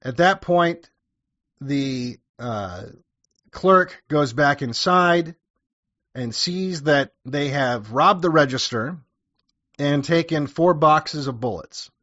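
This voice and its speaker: A man's voice: on the high side, lively intonation, slow pace, sharp tone, no room sound, highs cut off. A man telling a story in a casual, crude and sarcastic way, adding wry asides as he goes. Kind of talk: casual true-crime storytelling.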